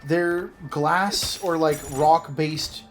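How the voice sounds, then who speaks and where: A man's voice: fairly high pitch, drawn-out words, noisy background. A man in his thirties from Canada, rambling and self-mocking as he tells a story while commentating a video game. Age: 30s. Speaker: gaming video host. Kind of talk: casual gameplay commentary with storytelling.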